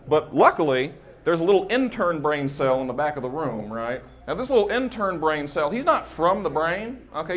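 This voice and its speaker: A young man performing a stand-up set on a club stage into a handheld mic, chatty and working the crowd with frequent "right?". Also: on the high side. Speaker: stand-up comedian.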